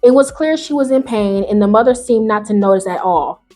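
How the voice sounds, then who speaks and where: A woman hosting a video, reading online stories aloud and reacting in animated, slangy, casual talk, jumping between loud high bursts and low mutters. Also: brisk, soft background music. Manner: animated, slangy, talks back to the story. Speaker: YouTube host.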